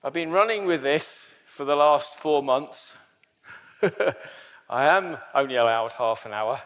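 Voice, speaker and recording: A man's voice: mid-range voice, a little slow, a bit bright. Playful preacher man in a reverberant hall. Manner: playful, chatty, joking with the congregation. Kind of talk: sermon. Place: church hall with a congregation.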